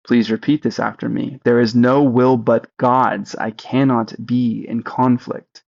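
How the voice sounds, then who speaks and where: A man leading a guided spiritual practice, speaking slowly and deliberately and asking listeners to repeat phrases after him. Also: medium pitch, little pitch movement, creaky, a little mellow, lo-fi sound. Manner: slow, deliberate, leads repetitions. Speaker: spiritual teacher. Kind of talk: guided meditation teaching.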